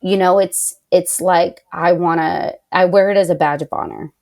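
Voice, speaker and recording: A young woman, a podcast guest and patient advocate, telling a personal story with feeling, lots of "like", and lively quoted voices. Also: lowish voice, moderate pace, gravelly. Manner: animated, heavy use of "like", quotes others in raised voice.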